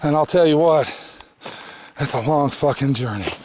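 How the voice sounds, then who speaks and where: A man's voice: fairly high pitch, moderate pace, a little mellow, slight background noise. A man vlogging a long hike outdoors, tired, grumbling, cursing constantly and sighing heavily, recorded on a handheld camera. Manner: profane, grumbling, frequent heavy sighs. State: tired and weary. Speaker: hiker filming his trek. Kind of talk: casual vlog narration. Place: outdoors on a canyon trail.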